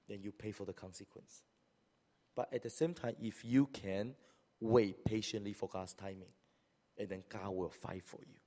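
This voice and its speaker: Animated male preacher in a reverberant church. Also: normal speed. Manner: animated, acts out hypothetical speakers with rising pitch. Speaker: pastor. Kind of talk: sermon. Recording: long hall reverb.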